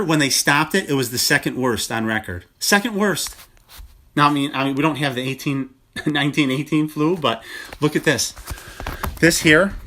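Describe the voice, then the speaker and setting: A chiropractor talking casually to viewers in a phone livestream, emphatic and full of rhetorical questions. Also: male voice, on the high side, bright, forceful tone.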